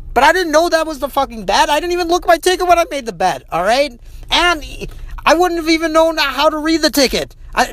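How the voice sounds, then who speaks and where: A man's voice: very high-pitched, fairly bright tone, no room sound. A man hosting his own podcast, telling a story in a casual, profane rant that runs heated, with frequent restarts. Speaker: podcast host. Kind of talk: casual ranting monologue. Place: inside a vehicle.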